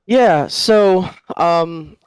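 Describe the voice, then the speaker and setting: A man on a podcast panel talking casually about his old job, rambling and halting with lots of fillers and restarts. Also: fairly high pitch, smooth, dry recording. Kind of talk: casual chat.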